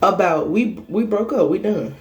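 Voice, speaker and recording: A woman's voice: mid-range voice, moderate pace, darkish tone. A young woman vlogger telling a personal story in a casual monologue, blunt, emphatic and full of cursing.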